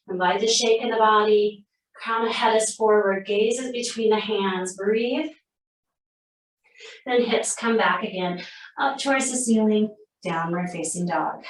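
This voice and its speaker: A woman teaching a guided yoga class, cueing poses calmly and steadily, a little out of breath at times. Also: mid-range voice. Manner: calm, steady cueing, breathing between phrases. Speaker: yoga instructor. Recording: roomy sound, mic at a distance.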